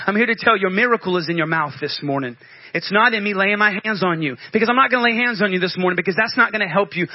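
A man preaching a sermon with fervor, calling out to the congregation and acting out prayers in his own voice. His voice sits very high for a man. The sound is dry and a little dull, like a lo-fi recording. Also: breathy edge, no echo. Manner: fervent preaching with call-outs, acts out prayers. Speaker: pastor.

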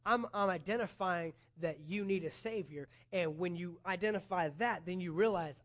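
Man, high voice, pastor preaching a sermon, earnest, rising emphasis. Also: normal speed, hardly any pauses, fairly bright tone.

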